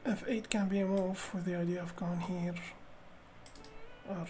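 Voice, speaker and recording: Woman chess streamer, slow and halting, talks under her breath to herself. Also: on the low side, fairly even intonation, mellow, slight background noise. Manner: muttering to herself, repeating phrases, halting. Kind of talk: thinking aloud while playing chess.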